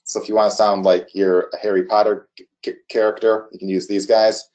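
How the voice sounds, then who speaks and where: A man casually walking through a software demo on screen, halting often with restarts and fillers. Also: on the low side, level tone. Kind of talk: casual screen-share walkthrough.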